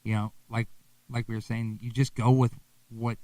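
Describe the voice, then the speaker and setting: A man's voice: mid-range voice, normal speed, no room sound. Laid-back young man talking shop, far from the mic. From Wisconsin. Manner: laid-back, swears freely, animated storytelling. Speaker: guest musician. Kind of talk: casual interview chat.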